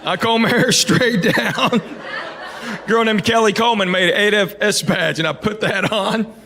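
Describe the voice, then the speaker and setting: A male stand-up comedian telling stories in a dry, deadpan way, repeating words for punchlines, on a stage before a laughing audience. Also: sits high, moderate pace, a little hiss or hum. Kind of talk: stand-up storytelling. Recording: live show with loud audience laughter.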